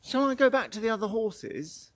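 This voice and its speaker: A jittery, hesitant horse, asking in a lifted, higher voice whether everything is all right , as a man puts it on. It sounds uneasy and keen to head back to the others. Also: expressive, normal speed, a bit bright. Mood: anxious. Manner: anxious, questioning. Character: nervous horse, hesitant, wants to turn back.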